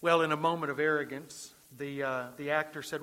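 A man preaching from the pulpit, his voice slightly high and strikingly bright and forceful. He tells stories earnestly, stumbling over repeated words as he drives his point home. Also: fairly even intonation, brisk, few pauses, smooth. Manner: storytelling, earnest, repeats words when emphatic. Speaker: pastor. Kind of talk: sermon.

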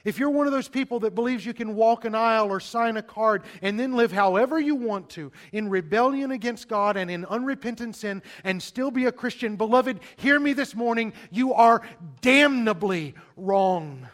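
A very high-voiced man, a pastor, gives a sermon in which he calls listeners "beloved" and raises rhetorical questions. His delivery lurches from loud stress down to a hushed whisper, punctuated by long dramatic pauses.

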